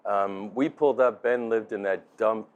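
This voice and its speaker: A man's voice: on the low side, moderate pace, muffled recording. A middle-aged man, father of the groom, telling a rambling, laughing story in a wedding toast. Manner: chatty storyteller, laughing, many restarts. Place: restaurant dinner.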